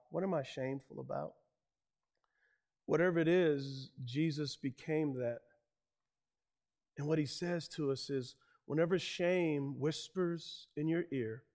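A middle-aged male pastor preaching a sermon, telling stories and building to shouted climaxes. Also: on the high side. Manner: preaching with rising, shouted peaks.

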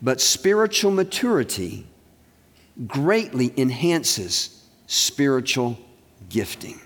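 A man's voice: mid-range voice, very animated, takes it slowly. An older man, a university president, giving a chapel sermon with joking asides and earnest prayer in a large auditorium. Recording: reverberant hall.

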